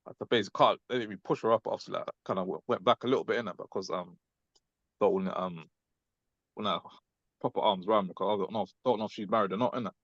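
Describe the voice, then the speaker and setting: Young guy, low and fast, rambling, "innit"-heavy, dry lo-fi call audio. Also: steady tone, fairly bright tone, no echo. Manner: rambling, filler-heavy, ends lines with "innit". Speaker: class member recounting an encounter. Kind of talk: casual call chat. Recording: dull lo-fi audio.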